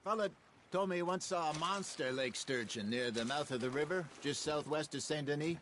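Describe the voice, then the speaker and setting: A man's voice: on the high side, a little fast, fairly bright tone, slight background noise, close to an everyday voice. An actor playing a male outlaw who tells dry, wry fishing stories in a video game. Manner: dry, wry anecdotal delivery.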